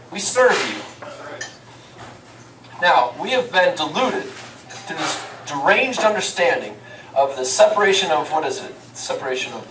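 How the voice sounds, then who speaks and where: A man's voice: on the high side, far from the mic, background noise. Emphatic man lecturing, echoey room. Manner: asks the audience questions and answers them himself; emphatic, preacher-like delivery. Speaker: touring speaker. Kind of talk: lecture to a live audience.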